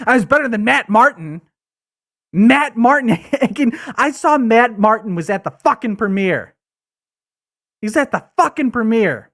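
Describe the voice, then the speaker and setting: A man's voice: extremely high pitch, a bit bright, exaggerated voice. A man putting on a bitter, crude, coked-up male commercial actor who rants and stammers for a comedy livestream. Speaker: livestream host. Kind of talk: comedic character rant.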